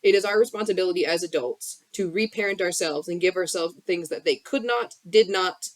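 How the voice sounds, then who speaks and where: A spiritual coach with a fairly low voice talks a little fast, captured dry on a phone. Live-streaming from her bedroom, she offers a passionate, unvarnished healing pep talk sprinkled with curses.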